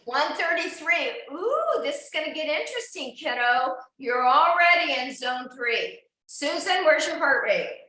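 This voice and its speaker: A woman's voice: high-pitched, expressive, unhurried, hardly any pauses, bright, forceful tone. A woman instructor coaching an indoor cycling class, encouraging riders and checking in on each of them by name. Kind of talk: live online fitness class coaching. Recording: very echoey room.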